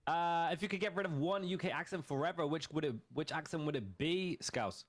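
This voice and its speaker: A man's voice: a little high, fairly quick. A man from the UK chatting casually during a game, blunt, teasing and opinionated. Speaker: streamer's friend. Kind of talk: casual gaming chat.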